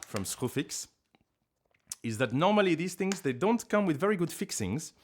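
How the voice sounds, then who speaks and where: A man chatting casually on a live stream from his living room, rambling and joking at himself with sudden loud outbursts. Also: fairly high pitch, sing-song, moderate pace, slight background noise.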